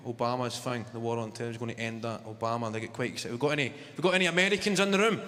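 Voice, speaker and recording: A man with a Scottish accent doing stand-up, sardonic and profane, telling stories with lively energy. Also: medium pitch, rapid-fire, noisy background. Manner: sardonic, swearing, animated storytelling. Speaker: stand-up comedian. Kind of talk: live stand-up routine. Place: large live venue. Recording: echoey live hall with loud ambience.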